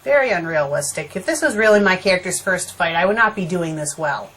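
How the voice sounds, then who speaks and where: A young woman with a lowish voice and lively intonation reads a fan story aloud at a brisk clip for a comedy show, pausing to toss in dry, sarcastic remarks. She's a fanfiction critic and reader doing a comedic reading with commentary, and there's background noise behind her.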